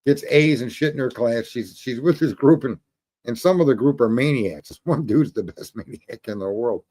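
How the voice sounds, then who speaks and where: A man's voice: medium pitch, moderate pace, mellow. A man hosting a call-in livestream, telling stories in a rambling, profane, casual way and laughing at his own jokes. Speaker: call-in show host.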